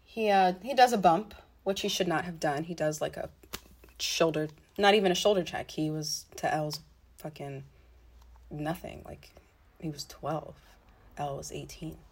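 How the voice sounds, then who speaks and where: Young woman, low voice, profane, blunt, chatty storytime, frequent asides. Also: unhurried, breathy edge. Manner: blunt and profane, swearing freely; animated retelling with frequent asides. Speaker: storytelling vlogger. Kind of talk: casual storytime monologue.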